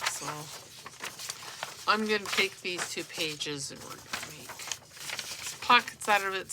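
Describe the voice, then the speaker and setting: A woman chatting casually while she makes a junk journal, rambling and talking to herself as she works. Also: mid-range voice. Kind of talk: casual crafting tutorial chat. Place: home craft room. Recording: noisy home recording. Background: dog and paper rustling.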